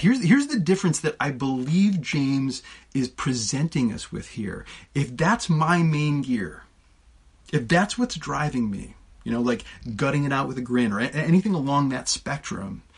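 A man's voice: mid-range voice, gravelly, breathy edge. A male preacher giving a conversational sermon with casual asides, often restarting his sentences. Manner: conversational, with frequent restarts and filler words.

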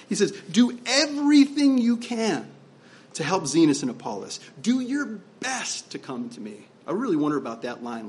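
A man's voice: on the high side, a little hiss or hum. A man preaching as pastor, conversational and emphatic, asking his listeners rhetorical questions. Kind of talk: sermon.

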